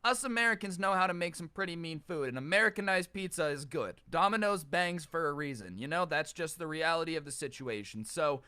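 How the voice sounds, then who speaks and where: A man telling a childhood story as a YouTuber, animated, ranting and sarcastic. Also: on the high side, fairly quick, few pauses, clear, resonant tone. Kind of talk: casual storytime rant.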